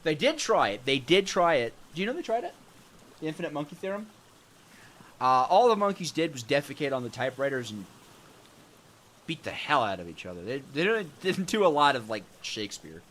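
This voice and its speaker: A young man with a bright, clear voice streams a video game and chats with his viewers. He jokes and rambles, and his pitch swings up and down a lot as he talks. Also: sing-song, fairly quick. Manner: joking, rambling, answers chat. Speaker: gaming streamer. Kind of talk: casual let's-play chat with viewers.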